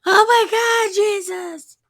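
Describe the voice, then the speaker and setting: A woman's voice: medium pitch, animated, unhurried, darkish tone, breathy edge, no room sound, voice pushed up. A woman voicing a group of terrified male disciples who screech and sob in panic.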